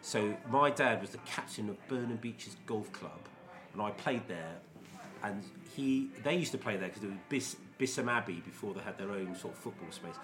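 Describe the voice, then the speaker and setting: A man in his fifties, co-hosting a podcast from a pub, telling casual anecdotes as a lively storyteller who swears freely. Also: lowish voice, normal speed, over music. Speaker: podcast co-host.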